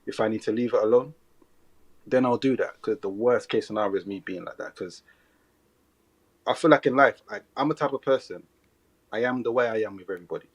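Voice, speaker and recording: Fast-talking husky man, earnest. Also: fairly low pitch. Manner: earnest, reflective, talks in short repeated phrases. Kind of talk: casual podcast chat.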